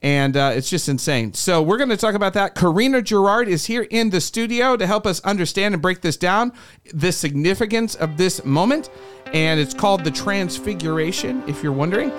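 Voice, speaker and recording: A man's voice: sits high, animated, normal speed, faint music behind. A man hosting a podcast, chatting casually and cracking self-deprecating jokes in a studio. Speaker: podcast host. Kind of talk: casual chat.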